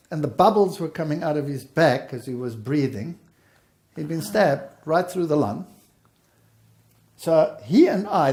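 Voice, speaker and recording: A man's voice: fairly high pitch, creaky, darkish tone. A man sharing his faith testimony as a story, acting out the dialogue as he goes.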